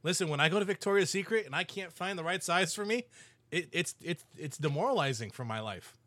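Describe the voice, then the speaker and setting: A man's voice: a little high, expressive, fairly quick, sharp tone. A man co-hosting a podcast in casual, jokey chat, acting out quoted voices. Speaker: podcast co-host.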